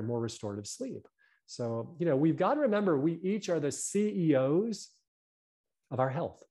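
A man talking about health as a guest, animated and fond of tagging his points with "right?". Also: medium pitch. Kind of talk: casual conversation.

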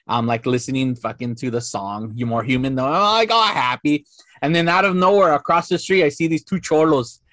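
A man, likely in his forties, telling stories in a casual podcast chat, animated and full of swearing, acting out the voices in his tales. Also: mid-range voice, fairly quick, no room sound, studio quality. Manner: animated storyteller, swears a lot, acts out quotes. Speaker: podcast guest.

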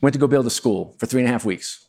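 Middle-aged man, medium-pitched voice, keynote storytelling, chatty, self-deprecating asides, live audience. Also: fast, gravelly, a little mellow. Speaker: keynote speaker.

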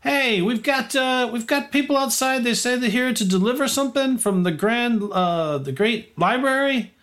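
A man doing a bossy, high-voiced gate guard. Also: lively intonation, moderate pace, lightly acted. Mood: impatient. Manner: brusque, ordering people around. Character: gruff male gate guard, bossy and dismissive.

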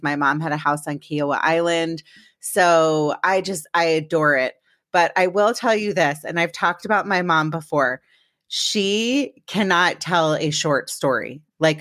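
A woman's voice: deep voice, fairly bright tone, dry recording, clean studio sound. A woman hosting a podcast, telling rambling personal stories in a casual chat before introducing her guest. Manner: chatty, rambling storytelling. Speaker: podcast host.

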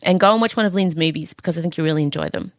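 Low-voiced tired woman podcast host. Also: very fast, no echo. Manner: rambling, frank and emotional. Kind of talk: candid podcast chat. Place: home. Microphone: podcast microphone.

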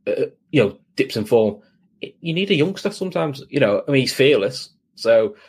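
A man's voice: medium pitch, sing-song, normal speed, darkish tone, breathy edge. A man, co-hosting a football podcast in casual, blunt, opinionated chat. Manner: blunt, opinionated, talks in long runs with restarts. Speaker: podcast co-host.

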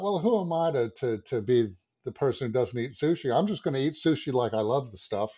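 A man in his fifties tells a long, animated anecdote as a podcast guest, acting out his own thoughts and swearing freely. His voice sits in a middle pitch, and the recording sounds dull and lo-fi. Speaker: guest, advertising creative director. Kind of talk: anecdotal storytelling in a podcast interview.

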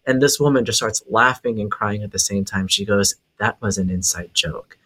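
A man from Hawaii, a psychic medium on a podcast, telling a story in a lively way and laughing as he goes. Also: on the low side, moderate pace. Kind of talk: casual storytelling.

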